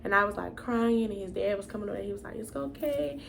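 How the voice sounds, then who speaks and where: Young woman, casual storytime vlog, gravelly fry, faint background hiss. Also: medium pitch, flat delivery, rapid-fire, fairly bright tone. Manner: casual, chatty, addresses viewers as y'all. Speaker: vlogger.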